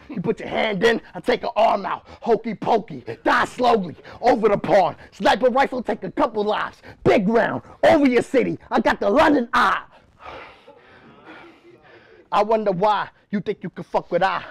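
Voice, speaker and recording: A man performing an aggressive battle rap at a live event, shouting his punchlines. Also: high voice, animated, moderate pace, gravelly, slightly rough. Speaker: battle rapper.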